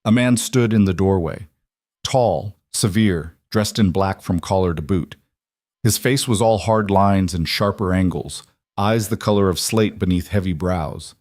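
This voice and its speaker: Low-voiced man narrating a story. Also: measured pace, a little mellow, no echo, studio quality. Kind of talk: scripted audiobook narration.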